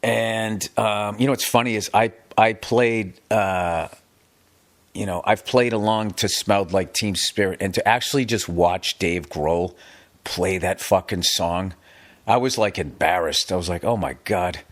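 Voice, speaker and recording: A man's voice: lowish voice, unhurried. A middle-aged man from the United States hosting a podcast, talking in a casual, comedic monologue that rambles and swears emphatically. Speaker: podcast host.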